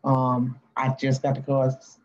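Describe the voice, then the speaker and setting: A woman's voice: a bass voice, monotone, darkish tone, dull audio, slight background noise. Folksy Cajun woman hosting a live stream. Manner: rambling, folksy, drawn-out fillers. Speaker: live-stream host reading cards. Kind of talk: casual live-stream chat.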